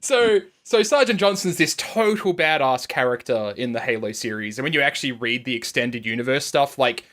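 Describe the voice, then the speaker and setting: A man's voice: medium pitch, animated, brisk, a bit bright. A man co-hosting a gaming podcast, rambling eagerly with lots of fillers and the odd swear word. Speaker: podcast co-host. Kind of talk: casual gaming podcast chat.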